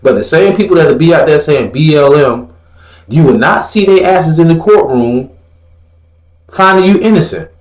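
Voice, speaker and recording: A man's voice: fairly high pitch, lively intonation, normal speed, roomy sound. A man giving blunt, profane religious commentary in a fiery, preachy manner, mocking others in put-on voices.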